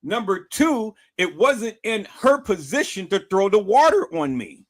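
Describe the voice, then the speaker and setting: A young man telling a story straight to his viewers with animated, emphatic delivery and lots of swearing. His voice sits somewhat high for a man and rises and falls widely in pitch. He leans on repetition for emphasis. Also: a little slow. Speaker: vlogger. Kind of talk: casual storytelling to camera.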